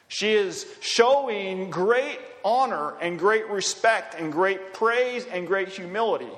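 A man's voice: fairly high pitch, fairly bright tone. Man preaching in a reverberant hall. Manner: conversational, with asides and chuckles. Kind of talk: sermon.

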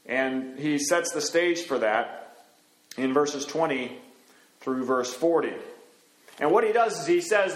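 A pastor delivers a sermon, teaching from the Bible conversationally and using plenty of fillers. His voice sits a little high with lively intonation, and he speaks slowly with long pauses in a room with noticeable echo.

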